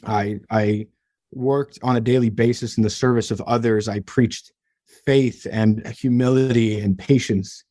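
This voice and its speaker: A man's voice: medium pitch, steady tone, dark tone, no echo, studio quality. Earnest young man telling a personal story. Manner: earnest, emotional, halting with many restarts. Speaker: podcast guest.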